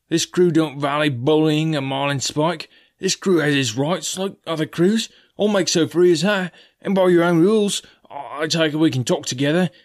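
A man voicing a surly, defiant male sailor who talks in a raised, slow, aggrieved voice. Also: a little high, voice pushed up, close to an everyday voice.

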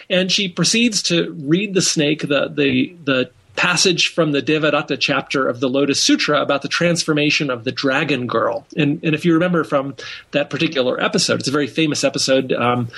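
A man's voice: on the high side, a bit bright. A man, an author and scholar, retelling old tales in a podcast interview with many fillers and restarts.

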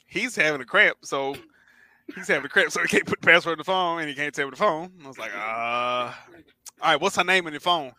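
A man's voice: on the high side, brisk, dry recording. A man co-hosting a podcast, telling a story in casual chat and acting out the voices of the people in it. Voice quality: animated storyteller, acts out quoted voices. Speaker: podcast co-host.

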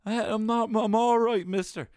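Dazed schoolboy, shrill and strained, pleading he's fine as a storyteller puts him on, dry close mic. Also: steady tone, normal speed, a little mellow, clear, resonant tone, dry recording, close to an everyday voice. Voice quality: high-pitched, strained. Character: dazed fainting schoolboy, high and frantic.

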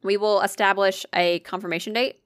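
A woman's voice: mid-range voice, fairly even intonation, fairly quick, no echo, clean studio sound. A woman co-hosting a casual podcast, talking bluntly and swearing offhandedly. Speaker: podcast co-host. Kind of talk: casual chat.

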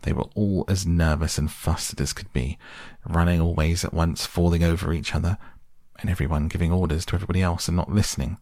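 A man's voice: deep voice, steady tone, fairly quick, dark tone, dry recording, studio quality. A man voicing a plucky little mole. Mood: eager. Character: plucky small male mole telling of his trick.

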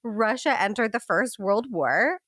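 A woman's voice: a little high, lively intonation, unhurried, fairly bright tone, breathy edge, no echo, studio quality. A woman co-hosting a casual comedy history podcast, reading history aloud and laughing between jokes. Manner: laughs often, reads history aloud with joking asides. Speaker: podcast co-host.

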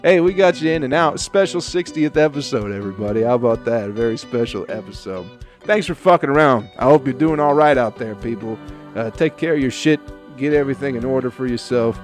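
A man's voice: medium pitch, lively intonation, brisk, soft background music. Rambling, profane male comedian. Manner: profane, rambling storytelling with frequent fillers. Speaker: comedian podcast host. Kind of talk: casual comedic monologue.

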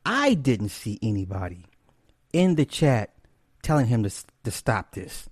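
A man rants through casual streaming commentary, his voice swinging widely in pitch as he repeats points for emphasis. He talks in a mid-pitched voice that is neither high nor low. The sound is dry and close to the mic. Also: measured pace, slightly rough, no room sound. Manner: animated, profane, emphatic repetition. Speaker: online commentator.

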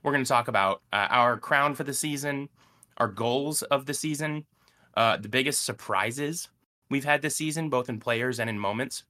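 A man's voice: medium pitch, pushed and bright. A man hosting a casual sports podcast, upbeat and teasing in his chat. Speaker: podcast host.

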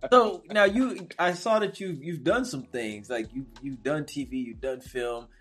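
A man's voice: fairly high pitch, measured pace, a bit bright, breathy edge. A man hosting a casual podcast, chatting in a laid-back way and dropping "man" into his sentences. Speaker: podcast host.

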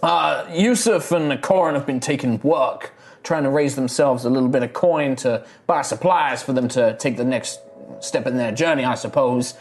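A man's voice: medium pitch, moderate pace, faint music behind, close to an everyday voice. A man voicing a humble old male dwarf in a tabletop game, speaking in a put-on Texan drawl with hesitant restarts.

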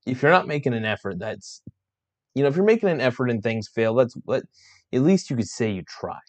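This frustrated rant comes from a man who vlogs about sports, tired and yawning as he complains about his basketball team, swearing and restarting his sentences. His medium-pitched voice is expressive and fairly quick.

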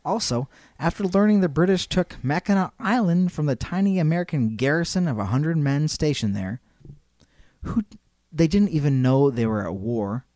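Animated male podcast host. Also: a little high, moderate pace, dry recording, studio quality. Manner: storytelling with jokey put-on voices, laughs a lot. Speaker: podcast co-host telling history. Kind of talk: casual history chat.

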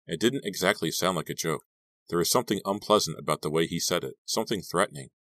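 A man narrating an audiobook in an even, steady storytelling voice. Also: low voice, fast, dry recording.

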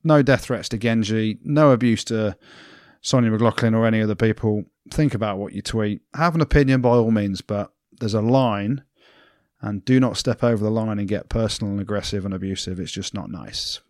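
Bloke cohosting a rugby pod, jokey and blunt, dry close sound. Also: male voice, on the low side, normal speed, a little mellow, no echo. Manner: jokey, mock-French asides, blunt. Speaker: podcast co-host. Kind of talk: casual rugby podcast chat.

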